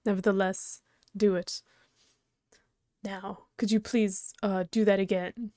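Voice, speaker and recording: A woman's voice: mid-range voice, level tone, slow, darkish tone, dry recording, studio quality, lightly acted. A woman voicing a prim, snobbish and very strong male troll aristocrat, haughty and formal, reading a webcomic aloud. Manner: haughty, fussy, formal wording.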